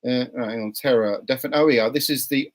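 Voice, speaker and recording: A man's voice: medium pitch, fairly quick, poor audio. Male podcast host, chatty, playfully combative. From Britain. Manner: playfully argumentative, reads out chat comments. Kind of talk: casual live podcast chat.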